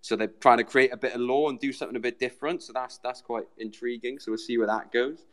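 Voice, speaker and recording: A man's voice: medium pitch, steady tone, quick pace, fairly bright tone. A British man joining a show remotely as the community's guest, chatting loosely and calling everyone mate. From Britain. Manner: chatty, says "mate" a lot, rambling. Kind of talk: casual chat.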